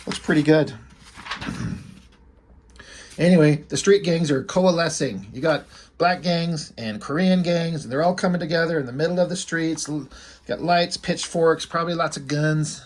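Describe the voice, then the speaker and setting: Man, comic reviewer, casual rambling, joking, husky, a bit high. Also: moderate pace. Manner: rambling, joking, often breaks into laughter. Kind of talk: casual commentary.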